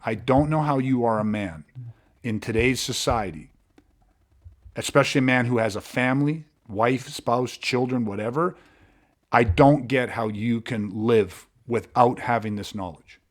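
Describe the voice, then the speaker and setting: A man hosting a podcast, talking in an intense, blunt way with frequent swearing and halting restarts. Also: mid-range voice. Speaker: podcast host. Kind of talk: podcast monologue.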